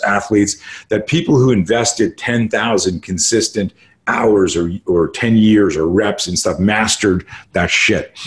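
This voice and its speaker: A man in his sixties from Canada, a martial arts instructor telling stories in a podcast interview, swearing freely and talking with emphasis. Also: fairly low pitch. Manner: profane, emphatic storyteller. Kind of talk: conversational interview storytelling.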